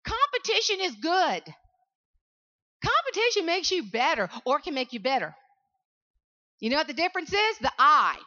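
A Southern woman with a high, bright, ringing voice tells stories to a room of students and keeps calling out "y'all". She is lively and animated. The recording sounds a little dull and lo-fi. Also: moderate pace, long pauses. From South Carolina, US. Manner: animated storytelling, calls out to the audience. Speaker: motivational speaker. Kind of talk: motivational speech to students.

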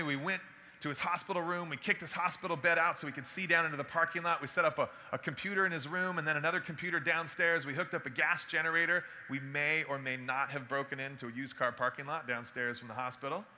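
A man giving a storytelling talk to an audience, animated and acting out the dialogue as he goes. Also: fairly high pitch, fast talker, slight background noise.

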